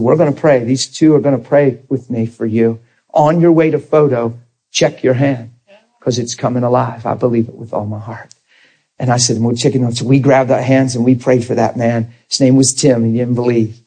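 A man's voice: medium pitch, warm tone, husky. A man, preaching a sermon and telling a story while acting out the dialogue.

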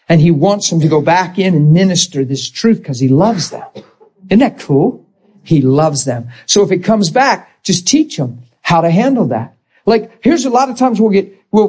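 Man, fairly high voice, teaching a healing class, animated storyteller who acts out quotes. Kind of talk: informal teaching talk.

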